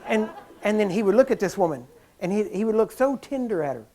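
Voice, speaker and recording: A male preacher telling stories in a sermon, laughing often and acting out the people he describes, getting louder as he goes. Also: extremely high pitch, fairly quick, noisy background. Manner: grows louder and more excited as the story builds. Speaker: preacher teaching on healing. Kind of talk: storytelling sermon talk.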